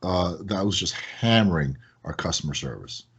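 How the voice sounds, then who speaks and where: Speaking at normal speed in a husky voice, a man who owns a product company chats as a podcast guest, telling energetic stories and climbing high in pitch when excited. The recording has its highs cut off.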